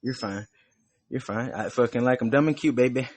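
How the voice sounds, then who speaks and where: Husky and brisk, a young man's medium-pitched voice carries his podcast's casual chat. As host, he rambles freely and curses often.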